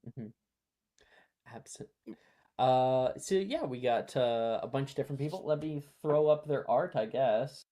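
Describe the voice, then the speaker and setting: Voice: medium pitch, unhurried. A game master narrating a fan tabletop role-playing game in a playful, chatty way. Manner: animated, playful, with fillers and restarts.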